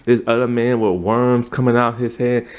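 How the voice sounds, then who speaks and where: A man's voice: medium pitch, level tone, normal speed, darkish tone, clean tone. Rambling man full of fillers. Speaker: TV episode reviewer. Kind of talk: casual spoken review, retelling a plot.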